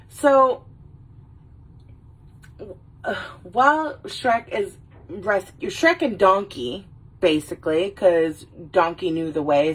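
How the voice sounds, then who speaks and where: A tipsy woman rambles and swears cheerfully with a husky, slightly breathy voice. She sits a little back from the microphone, so she sounds distant. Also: lowish voice. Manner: rambling, swears a lot, does quick silly movie voices. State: a little drunk. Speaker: vlogger. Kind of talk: casual tipsy chat.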